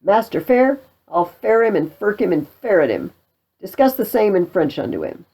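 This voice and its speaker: A woman reading the part of a cowardly, boastful male soldier in a play, pushing her voice higher and louder. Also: very animated, moderate pace, creaky, breathy edge, full character voice. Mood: blustering. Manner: loud, high-pitched bluster.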